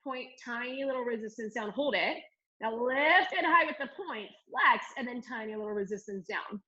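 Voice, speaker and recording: A woman Pilates instructor exercises along with her live online class, upbeat as she cues and counts reps while doing the moves, sounding a bit strained. Her voice is a little high and sharp, with lively intonation at a moderate pace, carried on slightly dull lo-fi stream audio.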